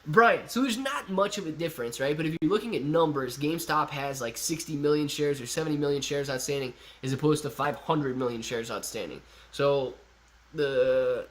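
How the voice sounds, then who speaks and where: A man's voice: medium pitch, fairly bright tone. A man hosting a casual live stream, reading chat messages aloud and answering them in a chatty, laid-back way. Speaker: livestream host reading chat.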